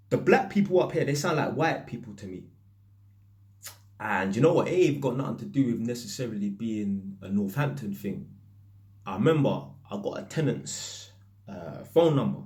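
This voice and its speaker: A man's voice: mid-range voice, normal speed. Slangy British man telling stories. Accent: British, London street slang. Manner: slangy, lively anecdotal delivery. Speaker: electrician. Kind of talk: casual storytelling to camera.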